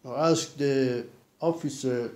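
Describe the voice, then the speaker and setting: A man recounting a personal experience in a halting way, with many restarts and repeated fillers. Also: mid-range voice, darkish tone. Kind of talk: casual spoken account. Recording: roomy echo.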